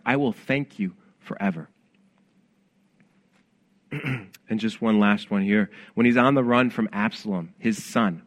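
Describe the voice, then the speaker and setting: A man's voice: mid-range voice, fairly bright tone. Earnest, conversational male pastor. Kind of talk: sermon.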